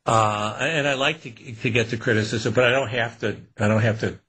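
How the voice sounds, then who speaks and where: An older man, an author being interviewed, talking in a relaxed, rambling way with frequent restarts. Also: mid-range voice, moderate pace, breathy edge. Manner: relaxed, rambling, laughs often. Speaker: author guest. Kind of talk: casual interview talk.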